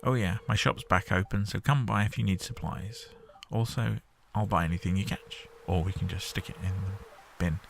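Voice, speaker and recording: A man reading a gravelly old fisherman. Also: low voice, moderate pace, few pauses, a little hiss or hum. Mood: friendly. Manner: reads game dialogue in his own voice. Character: weathered friendly old fisherman, male.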